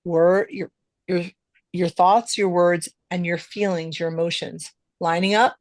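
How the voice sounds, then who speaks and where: A woman's voice: on the low side, fairly even intonation, measured pace, no echo. Middle-aged female podcast host, emphatic delivery, dry close-miked sound. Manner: emphatic, stresses words. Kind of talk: casual podcast conversation.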